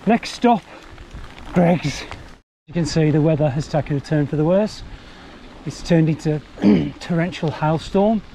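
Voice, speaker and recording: A breezy man talks to his action camera as he rides country trails. His voice sits fairly high and he tosses off light swearing. Faint traffic hums behind him outdoors. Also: mellow. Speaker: mountain bike vlogger. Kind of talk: casual vlog commentary while riding.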